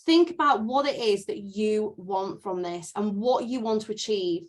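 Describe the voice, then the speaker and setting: Woman, team trainer, online video call, upbeat, motivational, emphatic repetition, mid-pitched voice. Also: measured pace.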